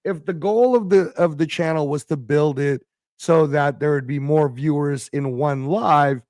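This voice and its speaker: A man with a hoarse voice, a guest in a casual livestream chat, rambling and laughing as he talks. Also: a little high, unhurried, darkish tone, no room sound, clean studio sound.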